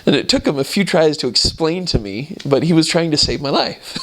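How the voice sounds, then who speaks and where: A man from the United States casually telling a story about living abroad, halting often and laughing at the absurd parts. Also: a little high, expressive, fairly bright tone.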